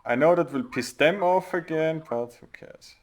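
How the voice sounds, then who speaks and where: A man's voice: a little high, normal speed. A man hosting a let's play, reading dialogue choices aloud and adding dry remarks, a German native speaker. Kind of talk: casual gameplay commentary.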